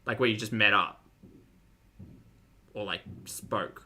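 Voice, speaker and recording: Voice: mid-range voice, slow pace, bright, forceful tone, breathy edge. A reaction channel host giving sardonic, exasperated commentary on a clip.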